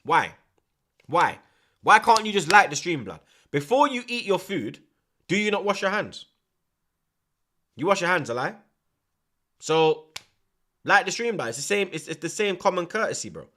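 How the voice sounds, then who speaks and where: A young man streaming a football watchalong, loud and excitable, full of slang and swearing. His voice is bright and forceful, and it leaps all over the place as he talks to his chat. He breaks into laughter often. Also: high-pitched, normal speed, long pauses. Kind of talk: live watchalong commentary and chat.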